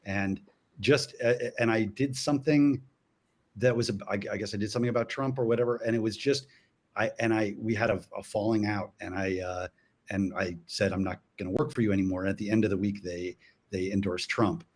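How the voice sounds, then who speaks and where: A man, a cartoonist guest on a panel, who speaks in a halting, thoughtful way with many restarts. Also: fairly low pitch, fairly even intonation. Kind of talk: casual panel chat.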